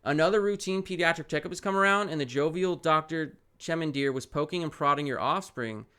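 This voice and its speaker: A young man streaming a parenting game, reading its text aloud and reacting with loud outbursts and muttered asides. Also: a little high, a little fast, clear, resonant tone.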